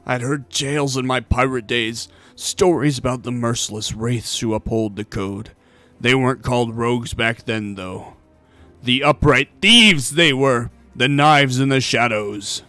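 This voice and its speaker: A man voicing a boastful, gruff male pirate captain in a video game playthrough. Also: mid-range voice, measured pace, sharp tone, soft background music. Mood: defiant. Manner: gruff, puffed-up and defiant.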